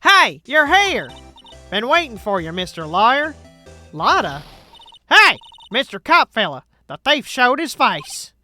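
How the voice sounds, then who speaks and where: A brash, pushy photographer gal played by a woman hollers in a high, bright, bouncing voice, all swagger and accusation. Soft game music plays behind her. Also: very animated, moderate pace. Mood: accusing.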